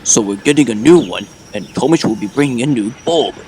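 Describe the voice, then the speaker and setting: A man's voice: medium pitch, lively intonation, brisk, darkish tone, a little hiss or hum, pitched below the performer's own voice, lightly acted. A man voicing a good-natured male crane engine in a storybook reading, easygoing and chuckling.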